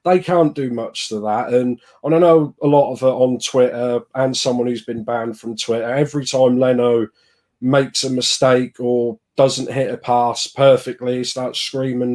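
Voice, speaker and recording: A man with a mid-range voice co-hosts a casual football podcast. He talks in an animated, exasperated way and thinks out loud as he goes. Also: mid-range voice, normal speed. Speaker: podcast co-host.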